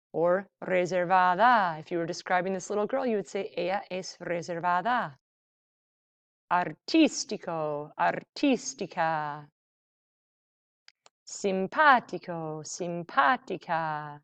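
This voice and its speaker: A woman teaching a Spanish vocabulary lesson, saying each word slowly and giving its English meaning. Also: mid-range voice, no room sound. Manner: slow, deliberate word-by-word modeling with English glosses.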